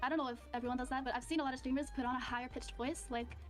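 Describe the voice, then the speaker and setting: A woman's voice: high-pitched, steady tone, very fast, soft background music. A woman streamer chatting on a stream, rambling with lots of fillers and frequent laughs. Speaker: streamer guest. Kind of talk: casual stream chat.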